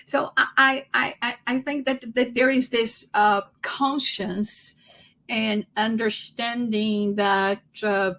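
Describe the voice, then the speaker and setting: A woman co-hosting a spirituality discussion, speaking with animated enthusiasm and frequent restarts. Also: a little high, slow pace. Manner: animated, laughing often, many restarts. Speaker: podcast co-host.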